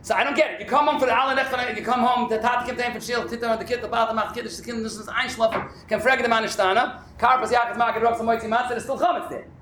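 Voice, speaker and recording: A man with a very high voice teaches a Talmud class at a fast clip, animated and often shouting. He sounds roomy and echoey. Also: slight background noise. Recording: echoey room.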